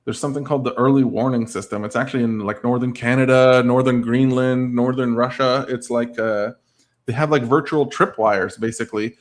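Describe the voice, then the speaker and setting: A man chatting loosely on a livestream in an everyday mid-pitched voice. His talk wanders and is padded with "like" and "I don't know". Now and then he answers comments from his viewers. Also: fairly even intonation, fairly quick. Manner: rambling, full of "like" and "I don't know". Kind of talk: casual livestream chat.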